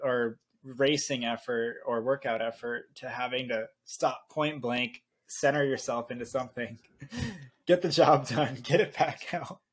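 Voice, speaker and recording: Relaxed man chatting on a podcast. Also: medium pitch, a little slow, breathy edge. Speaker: podcast co-host. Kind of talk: casual chat.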